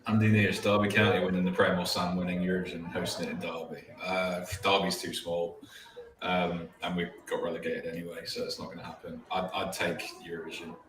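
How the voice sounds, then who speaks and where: An easygoing man with an English accent and a lowish voice, co-hosting in casual chat. He sits off the mic in a roomy space, with faint noise behind him. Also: flat delivery, a little fast, fairly bright tone, recorded from a distance. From England. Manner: easygoing, laughs often. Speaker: live stream co-host.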